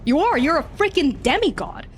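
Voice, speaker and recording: Animated woman game master. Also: high voice, moderate pace, soft background music. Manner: animated, uses lots of fillers. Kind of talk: narrating a tabletop game.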